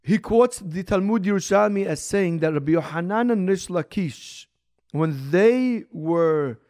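Brief: male teacher, fairly high voice, loose conversational lesson, drops Hebrew terms, restarts often, slows and lifts to stress key words. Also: a little mellow. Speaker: rabbi teaching a Torah class. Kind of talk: recorded religious lesson.

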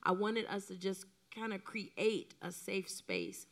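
Gravelly-voiced woman preaching. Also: mid-range voice, slow pace. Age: middle-aged. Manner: animated, emotional, acts out quoted lines. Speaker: co-pastor. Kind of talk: sermon.

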